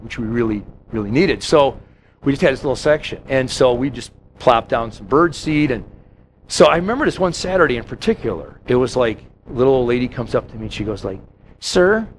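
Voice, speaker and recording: A man preaching a sermon, telling stories and acting out quick quotes along the way. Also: fairly high pitch, slight background noise. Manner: storytelling with quick acted-out quotes. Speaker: pastor.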